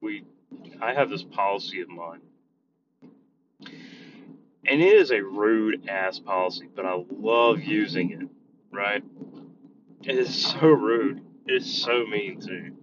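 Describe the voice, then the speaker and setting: Male vlogger, school worker, blunt and profane, talking from a moving car; very low voice, dull recording. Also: slow, pauses often. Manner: blunt, swears freely. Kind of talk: casual rambling vlog. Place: inside a moving vehicle. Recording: dull lo-fi sound with road noise.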